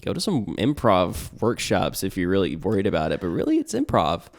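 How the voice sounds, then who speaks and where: A man with a fairly low voice hosts a relaxed podcast conversation. He rambles easily and fills his sentences with ums and you-knows. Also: brisk, creaky. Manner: relaxed, rambling, many fillers. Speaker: podcast host and game master. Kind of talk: casual podcast chat.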